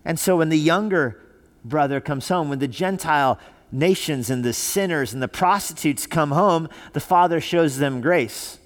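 Slightly high-voiced preaching man. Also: normal speed. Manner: preaching with rising emphasis and repetition. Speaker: pastor. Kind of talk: sermon. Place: church sanctuary.

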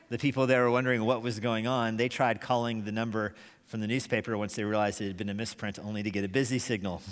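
Man, preacher, sermon storytelling, animated, reverberant church hall. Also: lowish voice. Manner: animated storyteller, chuckles often. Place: church sanctuary.

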